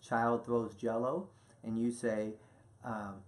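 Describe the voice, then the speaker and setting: A man's voice: mid-range voice, steady tone, measured pace. Brief: man, mid-range voice, affirming co-host who drives points home and speaks directly to the audience. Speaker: co-host, parenting doctor. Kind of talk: casual educational chat.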